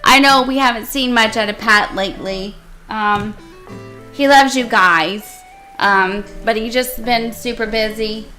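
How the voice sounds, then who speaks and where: Bright, unhurried, excitable woman streamer. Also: on the high side, soft background music. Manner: excitable, gushing exclamations. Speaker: game streamer. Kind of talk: casual live-stream chat while playing.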